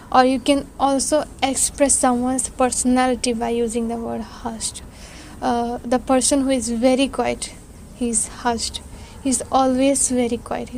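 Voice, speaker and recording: A woman's voice: sits high, darkish tone, a little hiss or hum. A woman teaching English vocabulary in an online lesson, explaining patiently with many fillers and restarts.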